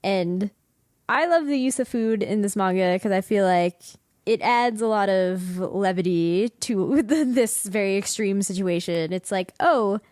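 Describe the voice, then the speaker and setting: A woman's voice: mid-range voice, measured pace, darkish tone, no echo, studio quality. A woman hosting a podcast, chatting casually, often laughing and acting out lines she quotes. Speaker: podcast host.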